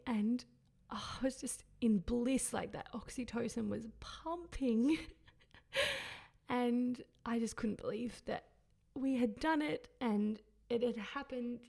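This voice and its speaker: A woman's voice: a little high, slow, vocal fry, a little mellow. A woman hosting a podcast, telling a personal story in an emotional, reflective way and often searching for words. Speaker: podcast host.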